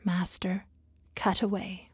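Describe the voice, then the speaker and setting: A woman voicing a proud but gentle male bamboo plant who pleads in anguish, her voice lifting higher and louder as he begs. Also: steady tone, a little slow, dry recording, clean studio sound, lightly acted. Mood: hushed surrender. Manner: anguished, imploring, rising in pitch.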